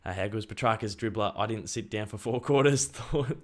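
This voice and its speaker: A young Australian man chatting excitedly on a live stream and reading out viewer messages. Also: on the low side, a little fast. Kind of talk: casual live stream chat.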